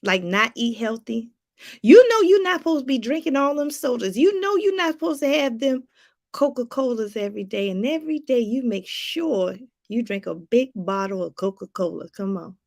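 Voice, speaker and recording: High-voiced woman life coach preaching. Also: sing-song, normal speed, a little mellow. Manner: preachy, repeats phrases for emphasis; talks straight to viewers with casual asides. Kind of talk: motivational talk to viewers.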